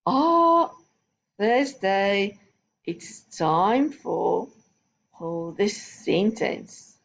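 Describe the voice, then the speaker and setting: A woman's voice: medium pitch, creaky. A woman teaching a recorded phonics lesson to young children, giving patient, step-by-step instructions. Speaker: primary school teacher.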